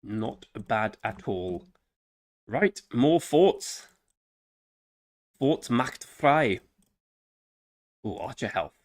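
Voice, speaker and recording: A man's voice: mid-range voice, expressive, extremely slow, pauses often, dry recording, clean studio sound. A man giving casual gameplay commentary, chatting to himself and his viewers with frequent exclamations. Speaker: game streamer.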